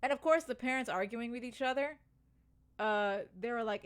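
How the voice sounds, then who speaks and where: A woman co-hosting a casual podcast, gushing excitedly and acting out lines from films. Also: on the high side, brisk, smooth. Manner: excitable, gushing, acts out quotes. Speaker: podcast co-host.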